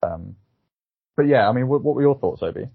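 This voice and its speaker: A man's voice: medium pitch, lively intonation, a little fast, gravelly, husky, no room sound. A man co-hosting a casual film review podcast, talking in a hesitant, rambling way with many fillers. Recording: phone-like thin sound, dry.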